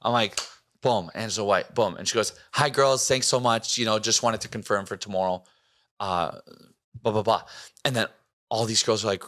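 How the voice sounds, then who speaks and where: A man guesting on a podcast, telling a long story in casual chat, excitable and swearing freely. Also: fairly low pitch, moderate pace. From Canada.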